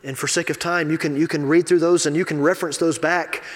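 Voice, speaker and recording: An assistant pastor preaching a sermon in a conversational, confessional way, swinging from quiet asides to loud emphasis. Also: male voice, a little high, steady tone, quick pace. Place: church sanctuary. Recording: long reverb of a church hall.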